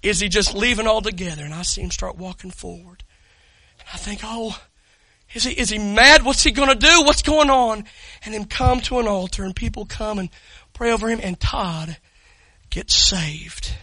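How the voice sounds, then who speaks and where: A man preaching a sermon, telling stories in a hush and then shouting with excitement while calling people up front. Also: sits high, normal speed, dry recording, low-quality recording. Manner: swings from hushed storytelling to loud excited shouting; talks directly to the congregation, calls people up.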